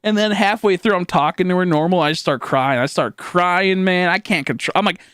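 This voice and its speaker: Young guy streamer rambling thru a wild story, kinda high voice, dry close mic, tons of likes and swears. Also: fairly quick, clear, resonant tone, dry recording. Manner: rambling, animated, many fillers and swears, acts out his own shouts. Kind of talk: casual storytelling to a live chat.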